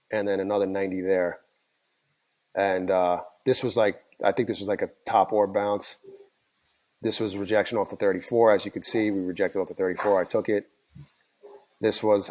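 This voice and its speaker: A tired man whose voice is going hoarse walks his viewers through his trades in a loose, rambling way. He talks at a fairly low pitch, restarting sentences and filling pauses with ums and likes. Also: a little mellow. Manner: rambling, self-correcting, many fillers. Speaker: trading channel host. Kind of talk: casual screen-share recap.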